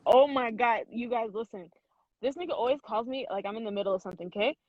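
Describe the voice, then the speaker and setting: A young woman hosts a podcast in a slightly high voice, talking fast and casually while teasing her guest and laughing a lot. The recording has no echo but sounds dull and lo-fi.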